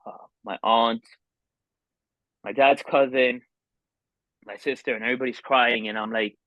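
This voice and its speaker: A man in his forties from Miami, a podcast guest telling a personal story in an earnest, halting way with many restarts. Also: medium pitch, steady tone, no room sound. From Miami, United States. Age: 40s. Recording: dull, dry lo-fi sound.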